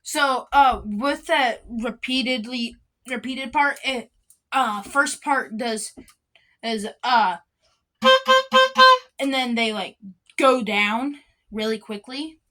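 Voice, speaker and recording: A woman with a slightly high voice, talking slowly about her practice. Her speech is halting, full of pauses and fillers, like casual vlog chatter between run-throughs. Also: a bit bright, soft background music. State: has the hiccups. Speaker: student clarinet player.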